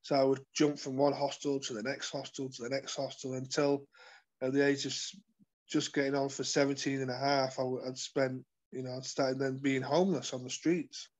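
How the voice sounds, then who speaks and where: A man telling his life story as an interview guest, earnest and halting, with many fillers and restarts. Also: mid-range voice, flat delivery. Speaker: guest sharing his testimony. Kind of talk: personal testimony in conversation.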